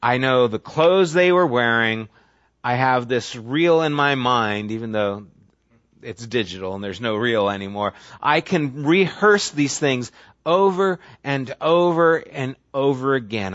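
A man's voice: mid-range voice, expressive, measured pace, a bit bright, no echo. A man preaching a sermon in a conversational way, often acting out the voices he quotes. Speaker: pastor. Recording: dry, dull lo-fi sound.

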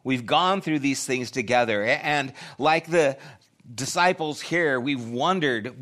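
A man's voice: mid-range voice, unhurried, fairly bright tone. Earnest middle-aged male pastor preaching. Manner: earnest, conversational preaching with repeated phrases. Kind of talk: sermon.

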